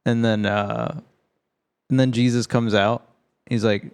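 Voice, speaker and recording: A man's voice: medium pitch, fairly even intonation, slow, a little mellow, clear, resonant tone. A man co-hosting a casual film podcast, loose and joking, swearing freely as he talks. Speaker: podcast co-host.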